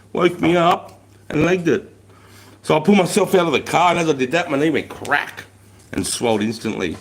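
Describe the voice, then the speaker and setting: An Australian man in his forties hosting a casual livestream, telling blunt, profane stories and chatting with viewers. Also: a little high. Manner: blunt, swearing, slangy storyteller. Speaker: livestream host. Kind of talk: casual livestream chat, reading comments.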